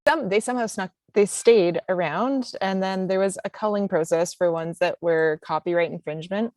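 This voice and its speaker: A woman's voice: lowish voice, moderate pace, a little mellow, dry recording. A woman on a marathon team, talking in a playful, emphatic way during a casual panel Q&A.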